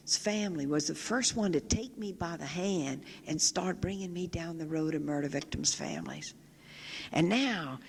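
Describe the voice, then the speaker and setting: A Catholic sister giving a public talk, telling a story vividly and often quoting people directly. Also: female voice, deep voice. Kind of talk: storytelling lecture. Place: large chapel. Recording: long reverb of a large chapel.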